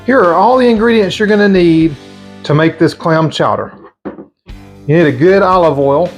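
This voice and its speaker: Folksy Southern man, high-pitched. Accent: Southern American. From American South. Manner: folksy, homespun and chatty. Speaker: cooking channel host. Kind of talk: recipe demonstration.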